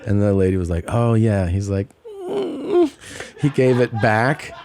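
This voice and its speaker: A man in his forties co-hosting a podcast, telling a story casually and acting out other people's lines in high, squeaky voices. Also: measured pace, creaky. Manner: animated, acts out quotes in high voices. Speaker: podcast co-host.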